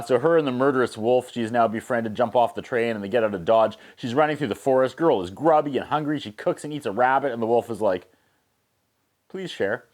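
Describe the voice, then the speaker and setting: A man recapping a movie's plot with sarcastic asides, briefly acting out the characters in quick voices. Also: medium pitch. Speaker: movie reviewer.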